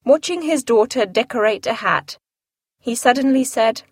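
A woman reading a classic novel aloud as an audiobook narrator, in a measured, clear storytelling manner. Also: a little high, lively intonation, dry recording, clean studio sound.

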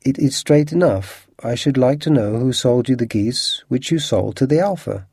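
Guy playing a cool detective, calm and dry, even tone, dead dry sound. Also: medium pitch, normal speed, husky, dry recording.

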